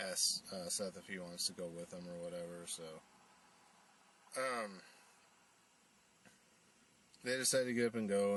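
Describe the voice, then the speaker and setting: A man's voice: low voice, a bit bright, distant mic, a little hiss or hum. A man casually retelling a movie's plot, rambling with lots of fillers and acting out the characters' lines. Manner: rambling, full of fillers and you-knows, acts out quotes.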